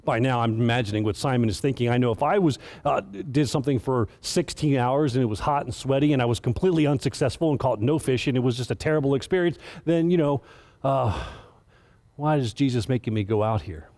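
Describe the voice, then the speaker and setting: A man's voice: medium pitch, a little fast, darkish tone. A man giving a casual, earnest sermon as director of children's ministry, stumbling and restarting as he tells the story.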